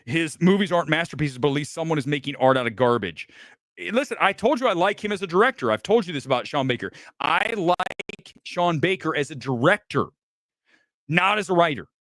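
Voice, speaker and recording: A man's voice: a little high, animated, a little fast, fairly bright tone, no echo. A man hosting a film talk show, ranting in a combative, profane, emphatic way. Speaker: host.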